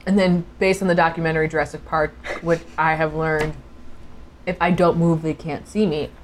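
Low-voiced woman hosting a podcast. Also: flat delivery, moderate pace, slight background noise. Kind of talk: casual chat.

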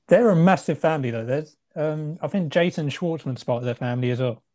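A man's voice: on the high side, moderate pace, mellow. A man co-hosting a podcast, chatting casually and making wry, dry remarks. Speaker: podcast co-host. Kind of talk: casual chat.

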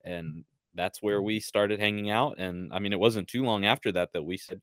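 A man's voice: lowish voice, steady tone, normal speed, fairly bright tone, dry recording, clean studio sound. A man co-hosting a podcast, talking easygoing and loose with frequent ums. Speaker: podcast co-host. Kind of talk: casual podcast chat.

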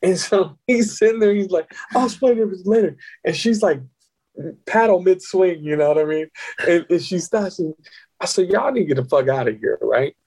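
A man telling a profane, animated story as a guest on a casual podcast, often laughing. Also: high-pitched, moderate pace, slightly rough.

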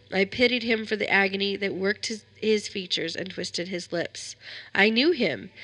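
A woman narrating a dark tale in a steady, measured way. Her voice is bright and clear, pitched in the middle range. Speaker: story reader. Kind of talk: scripted narration of a horror story.

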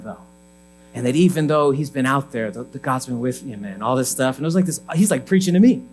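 A man's voice: fairly high pitch, slight background noise, low-quality recording. A male pastor giving a conversational sermon, telling a story and acting out the people in it. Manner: conversational, animated, acts out dialogue.

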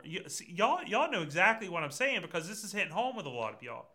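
A man's voice: high-pitched, fast talker, hardly any pauses. A man preaching a conversational sermon, speaking directly to his listeners. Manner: lively and conversational, addresses congregation directly. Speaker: pastor.

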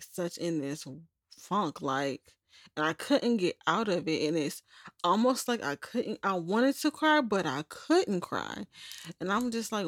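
A young adult woman hosts her own personal podcast in a journal-style monologue, speaking candidly while rambling and correcting herself. Her voice is lowish, and the studio-quality recording has no echo.

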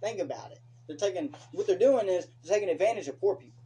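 A young man hosting a late-night podcast chat, swearing freely as he rants through his opinions. His voice sits a bit high for a man, with a mellow, dark tone and faint noise behind. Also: fast. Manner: profane, ranting, animated opinions. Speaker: podcast host.

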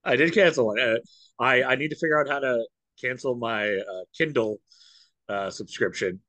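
A man co-hosting a podcast, chatting and joking in an animated way. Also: mid-range voice, moderate pace, dry recording. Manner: jokey, animated. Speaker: podcast co-host. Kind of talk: casual chat.

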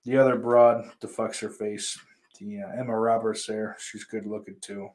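A man's voice: fairly low pitch, level tone, normal speed, a little mellow. A man hosting his own movie vlog in loose, profane, rambling chat, trailing off and restarting. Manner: profane, rambling, offhand, full of fillers. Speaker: channel host showing his movie purchases.

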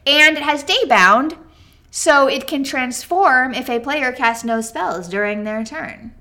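A woman's voice: sits high, animated, takes it slowly, bright, forceful tone. A woman co-hosting a casual card game chat, bubbly and chatty, full of "like" and "um", with a touch of hiccups. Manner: bubbly, chatty, many "like" and "um" fillers. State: has the hiccups. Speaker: card game podcast co-host.

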